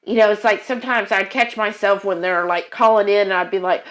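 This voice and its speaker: A woman's voice: medium pitch, fairly even intonation, a little fast, fairly bright tone. A woman co-hosting a livestream, chatting casually and reading viewer comments aloud, with frequent fillers and quoting herself. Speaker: co-host of a cooking livestream.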